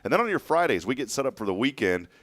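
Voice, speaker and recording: Lively Texan morning radio host. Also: male voice, mid-range voice, quick pace, no room sound. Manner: lively, jokey, laughs often. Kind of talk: casual morning radio chat.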